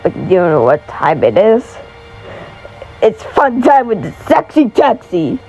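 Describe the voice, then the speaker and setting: A woman's voice: mid-range voice, big pitch swings, takes it slowly, warm tone, breathy edge, faint music behind, exaggerated voice, poor audio. A woman doing a taunting villain creature. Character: menacing villainous male creature.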